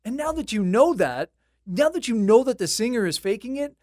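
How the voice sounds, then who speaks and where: This medium-pitched host moves briskly through a scripted music-history tale, keeping it conversational and a little wry across an animated, lively range. It's a dry, close-miked recording with no room sound.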